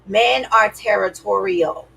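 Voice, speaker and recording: A woman gives dating advice straight to her viewers in a sassy, emphatic, chatty way. Her voice has a gravelly fry and a husky edge. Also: medium pitch, takes it slowly, sharp tone, rough recording. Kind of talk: casual advice talk to camera.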